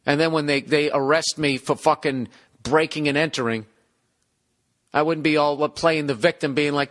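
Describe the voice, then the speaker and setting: A man's voice: fairly high pitch, fairly even intonation, normal speed, a bit bright. A man, ranting profanely and incredulously in a casual comedic monologue. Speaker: podcast host.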